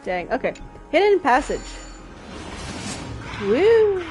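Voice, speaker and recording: A young adult woman giving casual gameplay commentary, chatty and excitable, often talking to herself. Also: mid-range voice, a little slow, faint music behind. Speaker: streamer.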